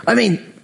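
A man preaching a sermon, telling the story with animated acted-out voices and frequent laughter.

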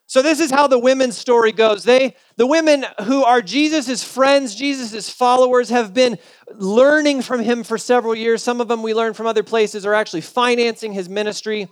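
A man's voice: extremely high pitch, moderate pace, smooth, dry recording. A male pastor preaching a sermon in a conversational, humorous storytelling way.

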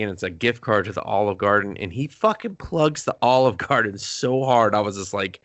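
A man in casual chat about a movie, joking and swearing in quick banter. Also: on the low side, animated, fairly bright tone, no echo. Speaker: podcast co-host.

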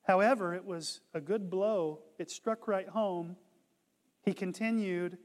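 A man preaching a sermon, retelling a conversion story and building to impassioned shouts. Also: sits high, slow pace, in a large hall. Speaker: pastor.

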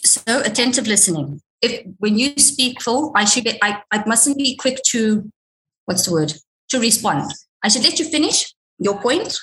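A woman guest giving workplace advice in a conversational interview, measured and sometimes repeating words as she gathers her thoughts. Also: on the high side, very animated, a bit bright, slight background noise. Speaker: workplace and career consultant guest.

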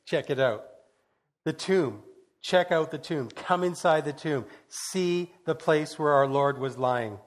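A male preacher voicing an excited, joyful angel who eagerly urges visitors to come and look. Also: on the high side, a little slow. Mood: excited, urging. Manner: eager and welcoming, urging.

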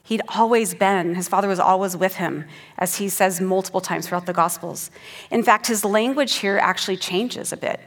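A woman's voice: medium pitch, normal speed, big-room sound. A woman giving an earnest sermon who teaches the passage and reads scripture aloud with rising emphasis. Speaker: preacher.

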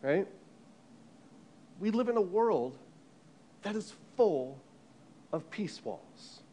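Drawing out his words in a high-pitched voice, a U.S. preacher spins a story during an animated sermon. He frequently starts over and repeats himself.

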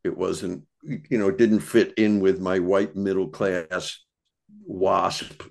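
A man's voice: deep voice, level tone, slow, creaky, darkish tone. A man talking as a podcast guest in casual conversation, reflective and searching for his words.

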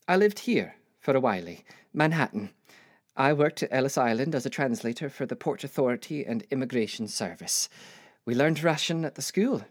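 A woman's voice: extremely low pitch, darkish tone, no room sound, clean studio sound. An older woman telling her life story as a reflective dramatic monologue with wry asides. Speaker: narrator.

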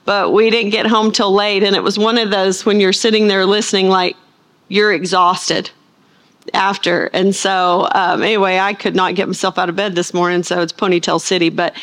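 A middle-aged woman from the United States, a Bible teacher chatting to her audience before the sermon, rambling and animated with playful asides. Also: medium pitch, normal speed.

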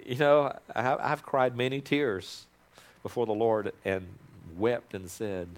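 A man preaching a sermon to his congregation, moving from loud, fervent prayer to quiet, intimate asides and calling on people to repeat phrases after him. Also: mid-range voice, fairly even intonation, takes it slowly. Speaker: pastor.

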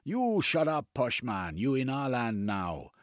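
A man's voice: lowish voice, animated, takes it slowly, slightly rough, no room sound, studio quality, heavily acted. A man voicing a fierce, commanding tribal woman chief who barks orders in broken speech.

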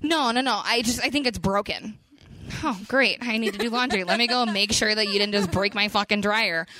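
A young woman from Western New York co-hosting a podcast, telling stories casually and quickly, acting out quotes and swearing freely. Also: mid-range voice, pushed and bright. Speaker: podcast co-host. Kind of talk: casual storytelling chat.

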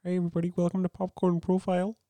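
A man's voice: high voice, monotone, racing, dark tone, no room sound. A man putting on a cheerful male frog puppet voice in a dry, close recording. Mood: chirpy.

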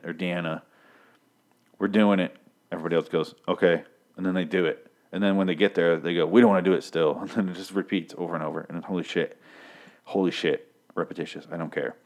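Deep-voiced man ranting casually. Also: a little mellow. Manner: profane, rambling, loses track of names. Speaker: TV episode recapper. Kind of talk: casual rambling recap.

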